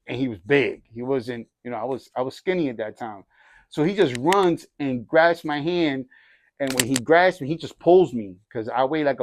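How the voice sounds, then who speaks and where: A man's voice: mid-range voice, a little mellow, no room sound. Man telling his testimony in street slang. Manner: casual street slang, acts out quoted dialogue; frequent restarts and "you know what I mean". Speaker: church group member giving his testimony. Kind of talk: personal testimony storytelling.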